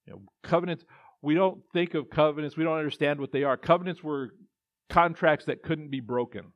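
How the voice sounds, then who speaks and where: A man's voice: fairly high pitch, a little fast, no echo. Man preaching a casual sermon. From Texas. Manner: conversational preaching with many restarts and acted-out quotes. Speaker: pastor. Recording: dull, muffled dry sound.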